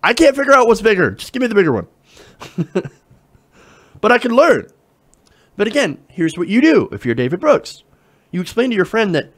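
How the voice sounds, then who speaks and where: A man talks through political commentary in a sarcastic, profane way, often stopping to laugh at what he reads. His voice sits a little high for a man and swings widely in pitch. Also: big pitch swings, fairly quick. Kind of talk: reading and mocking an op-ed, casual commentary.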